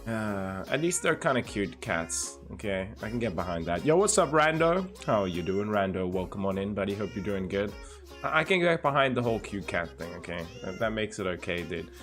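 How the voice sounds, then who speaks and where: Male streamer, low-pitched and easygoing, chatting with viewers and reading their messages aloud. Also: sing-song, fairly quick, fairly bright tone, faint music behind. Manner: laid-back, greets viewers by name and reads chat aloud. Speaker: livestreamer. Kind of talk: casual stream chat.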